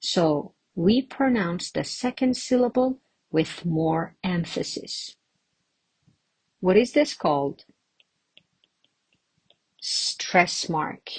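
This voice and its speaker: A woman's voice: fairly low pitch, expressive, takes it slowly, darkish tone, husky. A woman teaching English pronunciation to camera, patiently asking the viewers questions and answering them herself.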